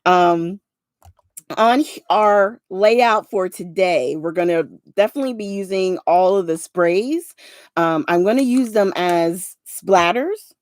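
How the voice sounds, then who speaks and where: A woman's voice: medium pitch, takes it slowly, no room sound. A woman in her forties from South Jersey with a Southern-tinged New Jersey accent, chatting casually with viewers while making crafts, rambling with many fillers. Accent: New Jersey with a Southern twang. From South Jersey, USA. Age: 40s. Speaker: craft livestream host. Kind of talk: casual craft livestream chat.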